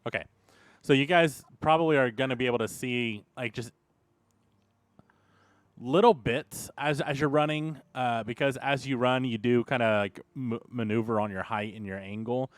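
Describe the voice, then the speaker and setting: A man with a mid-pitched voice narrating as game master of a tabletop game. He describes the scene at a steady pace and asks players for dice rolls. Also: moderate pace, smooth, no room sound.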